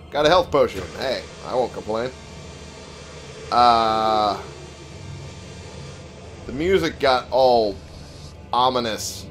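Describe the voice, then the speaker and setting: A man's voice: mid-range voice, rough recording. A young man giving casual let's-play commentary, reading item text aloud with wry jokes and frequent swearing. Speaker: gameplay commentator. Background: game music.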